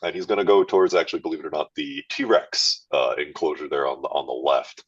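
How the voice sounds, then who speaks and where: A man's voice: rumbling low, brisk, breathy edge, dull audio. A man playing a tabletop role-playing game, laid-back and swearing casually as he describes his character's actions. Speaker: player.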